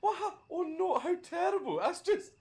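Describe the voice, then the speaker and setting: A man putting on a mocking falsetto voice that feigns shock and sympathy. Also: lively intonation, normal speed, darkish tone. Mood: fake pity.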